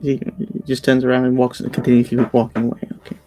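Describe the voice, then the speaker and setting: A man's voice: mid-range voice, completely flat delivery, fast talker, warm tone. A man playing a tabletop role-playing game, speaking hesitantly with many restarts and fillers. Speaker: player.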